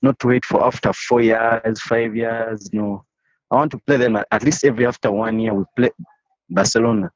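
Husky-voiced man telling a story. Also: medium pitch, fairly even intonation, normal speed, dry recording. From Uganda. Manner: passionate, repeats and restarts phrases. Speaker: interviewee, football fan. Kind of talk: casual storytelling in an interview. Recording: dry, slightly dull recording.

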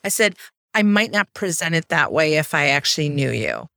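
A woman sales trainer in casual podcast chat, telling stories in an animated way and acting out quotes. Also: sits low, moderate pace, creaky, no room sound. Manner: animated storyteller, acts out quotes.

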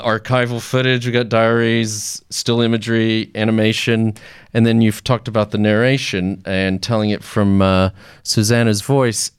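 A man's voice: on the low side, smooth, no room sound, clean studio sound. A man hosting an interview, asking questions in an enthusiastic, conversational way. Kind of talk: podcast interview.

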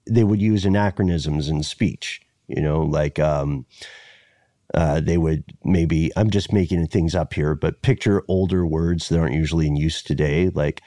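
A man co-hosting a podcast, telling a story in a relaxed, meandering way with lots of fillers. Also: sits low, no room sound, clean studio sound. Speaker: podcast co-host. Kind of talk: casual conversational storytelling.

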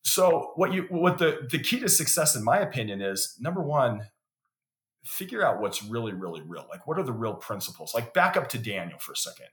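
A man's voice: medium pitch, very animated, a little fast, a bit bright. Guy guesting on a podcast, earnest, keeps circling back and repeating himself, echoey room. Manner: earnest, repeats words when building to a point. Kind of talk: conversational storytelling. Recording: roomy echo.

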